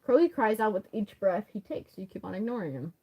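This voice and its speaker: Woman reading a fan story out loud, lively up-and-down voice, laughs a lot, trips over words. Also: medium pitch, fairly quick, husky, rough recording. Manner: laughs often, stumbles over words, blurts out comments. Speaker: story reader.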